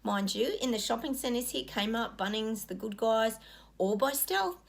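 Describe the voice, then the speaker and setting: A woman's voice: fairly high pitch, steady tone, normal speed, creaky. A middle-aged woman talking casually to her viewers, rambling and earnest with lots of ums. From Australia. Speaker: psychic giving predictions.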